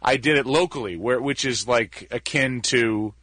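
A man's voice: mid-range voice, moderate pace, fairly bright tone, dry recording. Candid, self-deprecating man in his forties. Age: 40s. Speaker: guest, sports announcer. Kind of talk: relaxed conversational storytelling.

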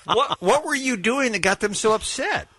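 A man's voice: very high voice, animated, normal speed, sharp tone. A man hosting a morning radio show, taking calls and joking. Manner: jokey, takes calls. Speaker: radio host.

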